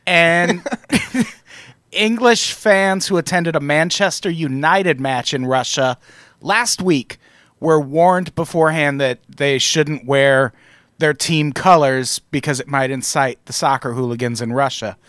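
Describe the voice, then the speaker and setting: A man with a fairly high voice hosts a podcast, talking in loose, casual chat. His delivery is wry and sarcastic and freely profane. The close microphone leaves the sound dry and near, with no room around it. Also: measured pace, a bit bright, clear, resonant tone, no echo. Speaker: podcast host.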